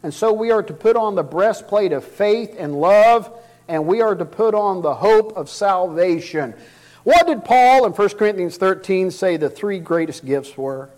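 A man's voice: high voice, expressive, measured pace, darkish tone, low-quality recording. A middle-aged man preaching a sermon, asking rhetorical questions and reading scripture aloud.

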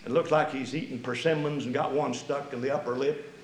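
A man's voice: mid-range voice, steady tone, a little fast, reverberant, slight background noise, rough recording. A man preaching a sermon, emphatic and folksy, mixing scripture with homespun stories.

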